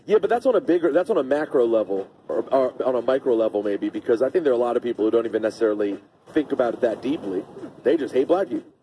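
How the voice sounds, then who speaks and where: A man co-hosting a morning radio show, chatting casually and telling stories with animated quoted voices. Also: mid-range voice, fast talker, slight background noise. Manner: animated storyteller, acting out quotes. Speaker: radio co-host.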